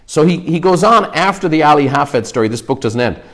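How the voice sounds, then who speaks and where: A man's voice: a little high, expressive, a little fast, fairly bright tone. Guy giving a punchy motivational book talk to his team on a livestream, keeps saying okay?. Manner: emphatic, punctuating points with "okay?".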